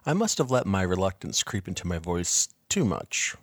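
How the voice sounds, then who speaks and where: Low-voiced man narrating a story. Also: sing-song, dry recording, studio quality. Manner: measured, quiet, reflective. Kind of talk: scripted first-person story narration.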